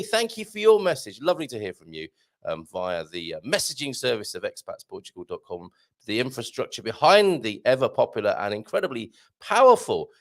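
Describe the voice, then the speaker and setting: A man's voice: mid-range voice, gravelly. A man hosting a live show from a small studio, reading out listener messages in a chatty, rambling way with jokey asides. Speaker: radio show host.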